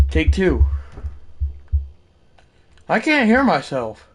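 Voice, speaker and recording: Streamer doing slow, gravelly play-by-play of a football game, with mumbled asides and shouted calls. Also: medium pitch, big pitch swings, faint music behind. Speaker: gaming livestreamer.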